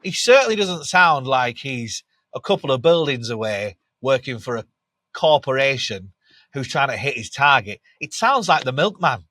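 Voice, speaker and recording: Northern English male guest, nasal, bright, close and dry, chatty storyteller who laughs a lot. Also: mid-range voice, moderate pace, no echo. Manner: lively anecdotal, laughs often, many restarts. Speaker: podcast guest. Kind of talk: candid storytelling in an interview.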